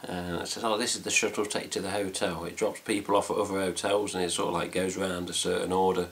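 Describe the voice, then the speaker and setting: A man's voice: low-pitched, level tone, fast talker, vocal fry. A man with an English accent chatting casually to camera about a trip, rambling with fillers and mild swearing. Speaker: fan site vlogger. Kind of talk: casual chat.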